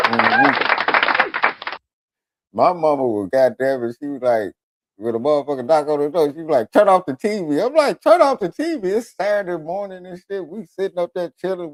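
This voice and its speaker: This medium-pitched male radio host, recorded dry, spins crude, funny stories in an animated way. He frequently switches into the voices of other people as he talks.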